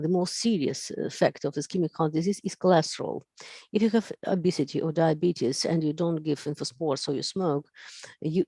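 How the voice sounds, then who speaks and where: A physician gives a medical conference lecture, pausing often on fillers and repeating key phrases for emphasis. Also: medium pitch, mellow, no echo. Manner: halting, with frequent fillers.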